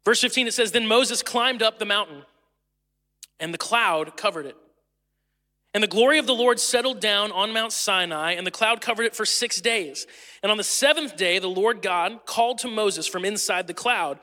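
A young man with a high, very bright voice preaches a sermon. He is casual and jokey and acts out the people in his stories, and his voice carries a long reverb from a church hall. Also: moderate pace. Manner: casual, joking storyteller who acts out quotes. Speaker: pastor. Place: church auditorium.

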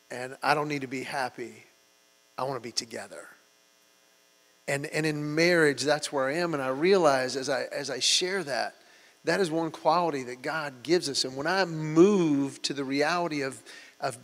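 A man preaching a sermon, telling stories and acting out quotes as he goes. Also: on the high side. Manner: storytelling, with lively acted-out quotes. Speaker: pastor. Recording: hall reverb and mains hum.

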